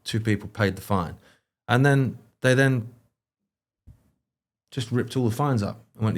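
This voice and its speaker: A man's voice: medium pitch, normal speed. A man with a British English accent, chatting casually as a guest, telling rambling anecdotes full of fillers and restarts. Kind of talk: casual conversational chat.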